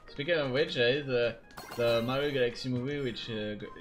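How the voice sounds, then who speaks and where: A man's voice: medium pitch, steady tone, normal speed, music in the background. A young man streaming a game, chatting casually and reacting as he plays. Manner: chatty, reacting, mumbling asides.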